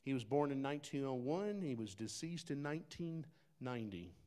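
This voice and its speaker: A man preaching a sermon in a folksy, conversational way, talking straight to the congregation, dropping to quiet asides and rising to loud, emphatic bursts. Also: medium pitch, lively intonation, fairly quick. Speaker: pastor.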